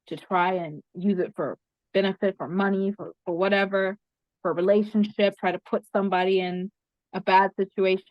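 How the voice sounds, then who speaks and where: A woman's voice: medium pitch, dry recording. A woman guest in an interview, earnestly recounting a spiritual experience and repeating phrases for emphasis. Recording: dry, slightly muffled sound.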